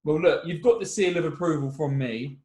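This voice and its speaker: A man from England co-hosting a casual football podcast, chatty and quick to laugh at himself. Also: a little high, a little mellow, reverberant. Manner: chatty, laughs often, self-mocking. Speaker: podcast co-host. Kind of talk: casual chat.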